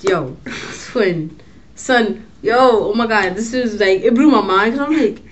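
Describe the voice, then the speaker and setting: A young woman tells a story to the camera in a loose, slangy way. She swears often and sounds animated. Her pitch sits in the middle. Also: measured pace, slight background noise. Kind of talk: casual storytelling vlog.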